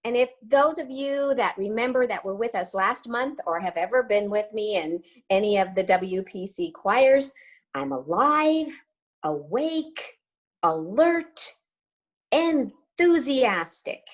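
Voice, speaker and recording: A middle-aged woman leading a sing-along warm-up as choir leader, upbeat and coaching, with crisp diction. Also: mid-range voice, moderate pace, few pauses.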